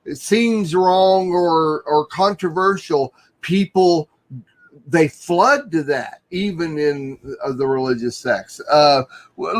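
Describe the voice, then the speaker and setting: Slow-talking, easygoing male host. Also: fairly high pitch. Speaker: talk show host. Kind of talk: casual talk show chat.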